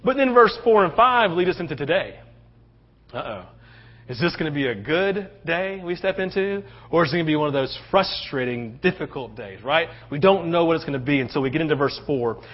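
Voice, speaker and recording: A man with a high voice preaching in a casual, animated style, often tossing in "right?" to the congregation. The recording sounds dull and lo-fi. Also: brisk. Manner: conversational, animated, acts out quotes, often asks "right?". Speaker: pastor. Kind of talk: sermon.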